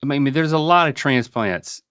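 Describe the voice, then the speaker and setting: A middle-aged man with a Southern North Carolina accent, hosting a casual chat in a quick, wry way. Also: medium pitch, expressive, fairly bright tone, clean tone, no room sound, studio quality. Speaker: host.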